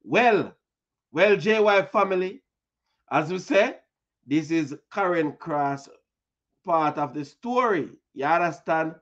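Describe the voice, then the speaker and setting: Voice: medium pitch, lively intonation, slow, muffled recording. A host with a Jamaican accent giving chatty news commentary, repeating words and leaning on fillers. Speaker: online news show host.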